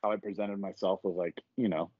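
Profane, animated man telling a story. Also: low voice, brisk, no echo, muffled recording. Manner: profane, animated retelling with acted quotes. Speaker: podcast guest. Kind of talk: casual storytelling.

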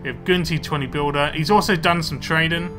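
A man's voice: on the high side, fairly quick, music in the background. A young man casually commenting on his gameplay, muttering to himself as he plays. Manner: chatty, muttering to himself while playing. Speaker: let's play gamer.

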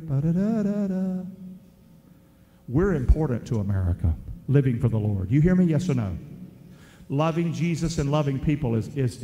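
A man's voice: mid-range voice, warm tone. A man preaching a sermon, calling out to his congregation and having them repeat lines back. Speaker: pastor. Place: church sanctuary. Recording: echoey church hall.

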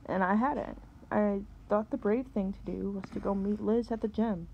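A woman, a teacher, reading a novel aloud and pausing to explain words. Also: medium pitch, fairly even intonation, creaky, muffled recording, slight background noise.

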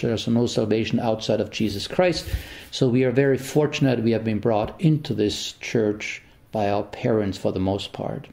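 A man preaching a homily as a priest, telling a long story in an unhurried way with pauses and small restarts before turning to scripture. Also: medium pitch, creaky, a little mellow.

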